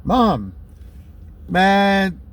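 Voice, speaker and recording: A man's voice: high-pitched, big pitch swings, extremely slow. A middle-aged man, telling a personal story in a laid-back, casual way, dropping "man" and "you know" and chuckling often.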